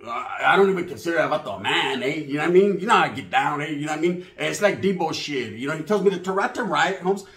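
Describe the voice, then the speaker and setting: A man's voice: a little high, lively intonation, fast talker, few pauses, a bit bright. A man telling stories in a casual monologue, heavy on street slang and swearing, acting out the voices of other people. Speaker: channel host. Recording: echoey room.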